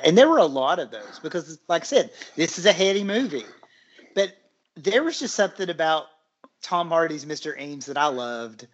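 A man's voice: on the high side, dull audio. An easygoing man co-hosting a podcast and chatting enthusiastically about a movie. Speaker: podcast co-host. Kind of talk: casual movie discussion.

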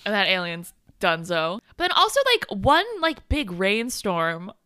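Bright, giggly young woman. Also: medium pitch, very animated, normal speed, clean tone, no echo, studio quality. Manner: enthusiastic, giggly, swears freely. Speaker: podcast co-host. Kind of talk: casual movie chat.

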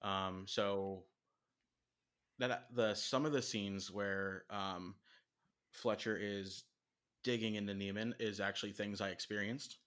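Low, flat-voiced man in casual talk. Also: takes it slowly. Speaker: guest, former drumline member. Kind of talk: casual conversation.

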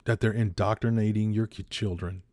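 A man's voice: on the low side, steady tone, moderate pace, a little mellow, no room sound, studio quality. A man in his fifties hosting a podcast, delivering a heated opinion monologue that repeats points for emphasis. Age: 50s. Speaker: podcast host.

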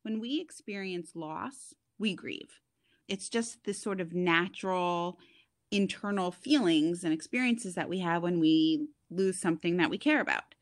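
A woman guest, a grief counselor, explaining things calmly in a podcast interview. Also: lowish voice, measured pace.

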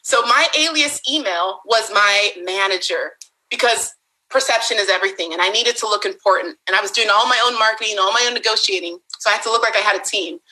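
A young woman giving an animated motivational talk to an audience, laughing often and acting out quotes. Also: medium pitch, brisk, low-quality recording. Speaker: speaker on a summit panel.

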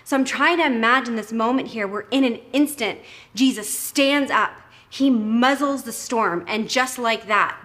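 A woman from Texas, preaching a sermon with enthusiasm and emphasis, sometimes dropping to a hushed tone. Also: a little high, a little slow. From Texas, United States. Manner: enthusiastic, emphatic, drops to soft hushed tones.

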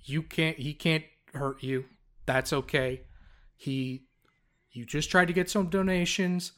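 A man's voice: a little high, steady tone, slow, a bit bright. A man voicing a composed male adventurer who speaks in a soothing, reassuring way. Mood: comforting.

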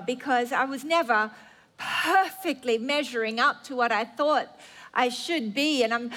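A woman's voice: high voice, pushed and bright. A woman preacher delivering an earnest sermon with emphatic repetition.

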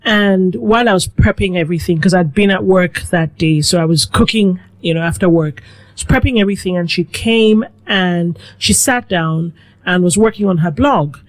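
A woman's voice: on the low side, moderate pace. Middle-aged Nigerian-born woman telling her story. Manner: reflective, animated with quoted asides. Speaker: guest, food blogger. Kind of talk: conversational storytelling.

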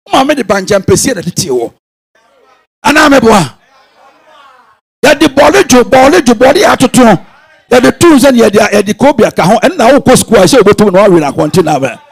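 A man with a Ghanaian accent preaching a sermon, swinging from quiet musing to sudden shouted bursts. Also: extremely high pitch, very animated, normal speed, vocal fry, breathy edge. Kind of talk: sermon mixing Twi and English.

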